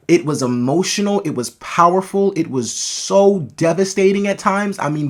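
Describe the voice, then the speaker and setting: A man's voice: on the high side, a bit bright. A man giving a casual, enthusiastic movie review, talking loosely with frequent restarts and self-corrections.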